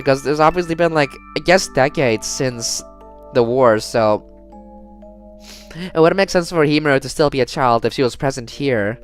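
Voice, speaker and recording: A young woman streaming a story game, reading the text aloud and reacting with swearing and laughter. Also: sits low. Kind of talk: game playthrough commentary.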